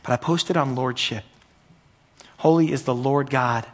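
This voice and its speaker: A man's voice: medium pitch, measured pace. A man preaching a sermon as pastor, earnest and repetitive, building in intensity at the peaks.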